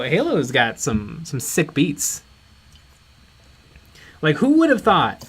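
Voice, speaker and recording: A man's voice: on the high side, wildly swooping pitch, slow, pauses often, fairly bright tone, breathy edge. A man co-hosting a hobby livestream, reading chat questions and chatting casually, laughing often and restarting his sentences.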